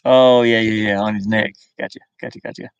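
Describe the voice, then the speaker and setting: An easygoing man with a faint Southern drawl, chatting live and reading viewer comments aloud. He thinks out loud and chuckles often, in a smooth, clear voice. The sound is dry and close, from inside his van. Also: on the low side, fairly even intonation, brisk, no room sound, dull audio. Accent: American with a faint Southern drawl. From US South (Kentucky and Virginia). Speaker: live-stream host.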